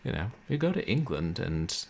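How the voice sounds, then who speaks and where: A man streaming a game and chatting with viewers in a laid-back, wry way, with a soft, somnolent voice and frequent chuckles. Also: fairly low pitch, big pitch swings, moderate pace, vocal fry. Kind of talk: casual chat with stream viewers. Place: home room, roommates nearby.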